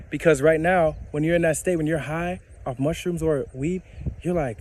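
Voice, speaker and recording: A man giving a casual spiritual monologue outdoors, slow and emphatic, repeating phrases and laughing at himself. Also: on the high side, a little mellow, a little hiss or hum. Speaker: spiritual vlogger.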